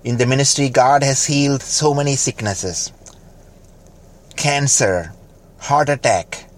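A man preaching a fervent sermon, building to loud exhortation and dropping to quiet, slowed lines. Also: mid-range voice. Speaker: pastor.

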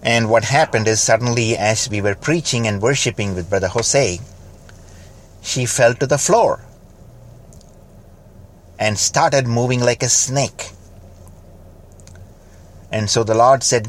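Fervent male preacher, rising and falling. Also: mid-range voice. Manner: fervent preaching that swings from loud exhortation to quiet, slow lines. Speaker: pastor. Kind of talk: sermon.

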